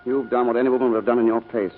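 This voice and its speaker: An actor in 1940s radio acting, playing a devoted husband who speaks tenderly and reassuringly. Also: male voice, medium pitch, level tone, racing, lightly acted. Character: devoted, protective husband, middle-aged. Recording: narrow-band 1940s radio broadcast with music.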